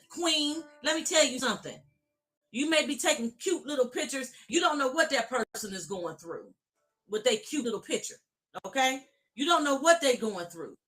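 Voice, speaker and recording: A woman life coach giving a motivational speech to women, speaking straight at them in a preaching cadence, repeating phrases and building up to shouts. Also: sits high. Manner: speaks directly to her audience of women.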